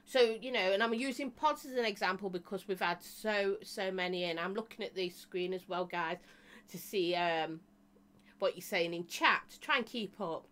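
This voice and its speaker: A woman in mid-pitch chats away on her live stream. She rambles, restarts her sentences and leans on "you know" as she talks to her viewers. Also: moderate pace, a bit bright. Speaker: live-stream host and vape reviewer. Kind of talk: casual live-stream chat.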